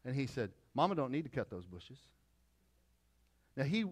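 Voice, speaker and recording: A man's voice: fairly high pitch, big pitch swings, moderate pace, pauses often. A middle-aged pastor preaching a conversational sermon with repeated phrases and asides to his congregation.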